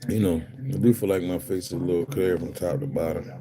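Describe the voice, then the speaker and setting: A man's voice: low-pitched, fairly even intonation, brisk, a crowd in the background. A young man from Philadelphia with a Philly accent, rambling casually and talking straight to viewers on his livestream. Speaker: livestream host.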